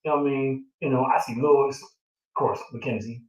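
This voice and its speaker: A middle-aged man speaks as a proud father, reminiscing in a loose, emotional way with lots of fillers. His voice sits in a middle pitch. It sounds roomy and a bit distant from the mic. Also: steady tone, fairly quick, muffled recording. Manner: reflective, emotional storytelling with many fillers. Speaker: father of the groom. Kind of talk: casual chat.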